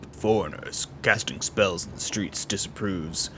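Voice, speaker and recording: Blunt resistance contact, woman, super deep and slow, put on by a man reading game lines. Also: a bit bright, slight background noise. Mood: grim. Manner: slow, heavy, deliberate delivery. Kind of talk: reading game dialogue aloud.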